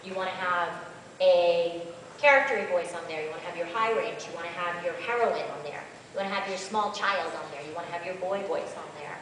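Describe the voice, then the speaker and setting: A woman, a voice actress on a convention panel, answering questions in an animated, chatty and rambling way, recorded by a far camera. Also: lowish voice, fairly quick, a little hiss or hum. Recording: echoey hall from far off.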